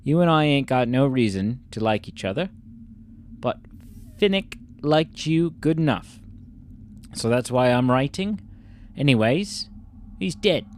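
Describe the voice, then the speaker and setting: A man doing a put-on English accent as he reads out a letter from a rough-spoken man, halting and stumbling over words. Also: medium pitch, expressive, a little hiss or hum, close to an everyday voice. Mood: gruff.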